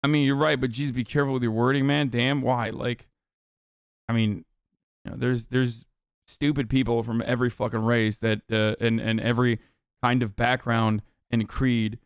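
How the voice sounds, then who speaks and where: Male streamer, profane, exasperated, blunt rants, reads text aloud and reacts, dry close sound, mid pitch. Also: level tone, normal speed, smooth, no room sound. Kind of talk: live stream commentary.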